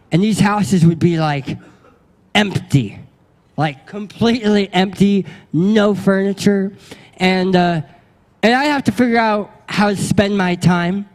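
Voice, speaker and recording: A young man preaching with a high, bright voice, telling a comic story and slipping into voices for its characters. His voice rings out with a long reverb, as if from a large hall. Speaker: pastor. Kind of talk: storytelling sermon.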